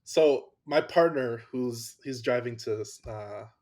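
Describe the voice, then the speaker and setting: A man's voice: medium pitch, slow pace, darkish tone. Enthusiastic male podcast host. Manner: enthusiastic, restarts sentences often. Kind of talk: casual podcast conversation.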